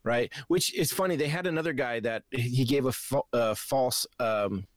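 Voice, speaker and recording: A man's voice: medium pitch, normal speed. A man co-hosting a casual movie review chat, retelling the plot with heavy swearing and acting out his own reactions. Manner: animated, profane storytelling, acts out reactions. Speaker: podcast co-host.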